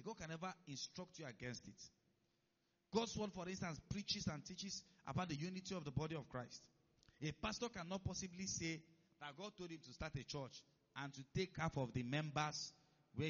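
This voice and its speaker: A man's voice: fairly high pitch, a bit bright. Man preaching a sermon. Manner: keeps checking if listeners follow. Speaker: pastor. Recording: dull lo-fi recording.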